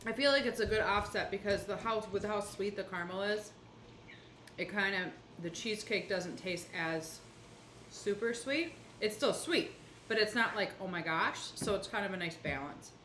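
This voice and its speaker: Laid-back woman co-host, echoey noisy kitchen. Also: mid-range voice. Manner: relaxed, measured, thoughtful comments. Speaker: cooking show co-host. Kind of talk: casual chat while tasting food. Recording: echoey room with background noise.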